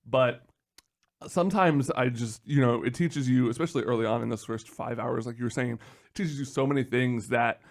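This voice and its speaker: A man's voice: mid-range voice, brisk, gravelly. A man co-hosting a podcast, telling a rambling story in casual chat with many fillers. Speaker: podcast co-host.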